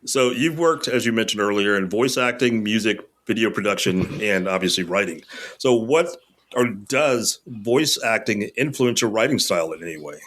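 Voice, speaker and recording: A male podcast host asks questions in an easygoing, conversational manner. His voice sits a little low. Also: animated, normal speed, a bit bright. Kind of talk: casual podcast interview.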